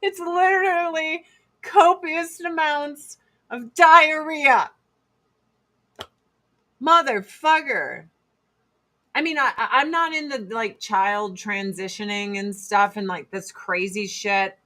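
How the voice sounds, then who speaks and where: A woman ranting in casual talk, blunt and profane, speaking in fast emphatic bursts. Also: high voice, sharp tone. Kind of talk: casual opinion rant.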